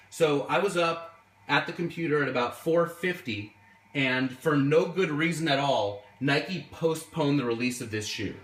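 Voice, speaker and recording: A man telling an animated, exasperated story in a casual vlog. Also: a little high. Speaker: sneaker collector and museum host. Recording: echoey room, voice from far off.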